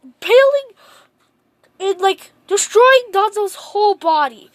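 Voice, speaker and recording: A woman's voice: very high-pitched, expressive, slow pace, no room sound. A woman casually retelling a fan-made story, rambling and repeating herself, with lots of "like". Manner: rambling, repetitive, says "like" often.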